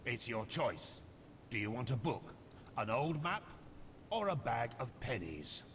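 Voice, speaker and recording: An actor playing a composed, courteous male temple official in a game, speaking in a measured way. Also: medium pitch, very animated, fairly bright tone. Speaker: game character. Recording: game audio with long reverb and noise.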